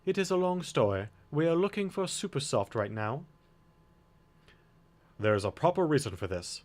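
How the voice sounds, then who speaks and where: A man's voice: on the high side, very animated, normal speed, a little mellow, pitched above the performer's own voice. A man voicing an earnest, polite young princess who speaks carefully and formally.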